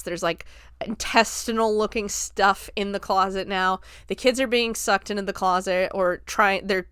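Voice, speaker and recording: Young woman podcaster, animated, profane retelling, smooth clear voice, dry close sound. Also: mid-range voice, no room sound. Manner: profane, animated storyteller who jumps into quoted voices. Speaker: podcast host. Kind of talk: casual film review retelling.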